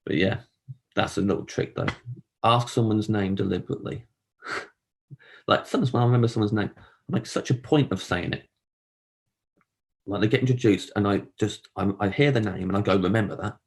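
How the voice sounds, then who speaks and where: A man performing a rambling, self-deprecating stand-up monologue, often jumping up high to act out other people. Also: a little fast, gravelly, pauses often. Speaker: comedian.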